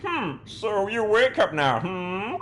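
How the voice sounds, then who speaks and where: A man doing a gruff Russian interrogator. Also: high voice, sing-song, takes it slowly, noisy background, pitched above the performer's own voice, exaggerated voice. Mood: menacing. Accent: put-on Russian. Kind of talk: dubbing a game live.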